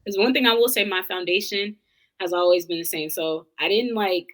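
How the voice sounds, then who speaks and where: A woman's voice: mid-range voice, brisk, fairly bright tone, poor audio. A young adult woman, an interview guest, talking candidly and thoughtfully in long, run-on reflections. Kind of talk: candid casual conversation.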